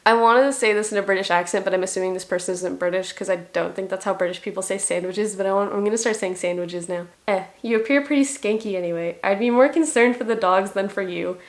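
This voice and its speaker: Dry, wry young woman vlogger. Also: medium pitch. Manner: dry, wry and self-mocking. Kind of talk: casual commentary reading comments.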